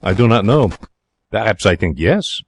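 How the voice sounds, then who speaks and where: An actor playing an excitable young Frenchman in a radio drama, speaking broken English in a French accent with theatrical, emotional delivery. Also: lowish voice, moderate pace, vocal fry, slightly rough, exaggerated voice. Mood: wistful. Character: young excitable romantic Frenchman, former hotel cashier. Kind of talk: 1940s radio drama narration.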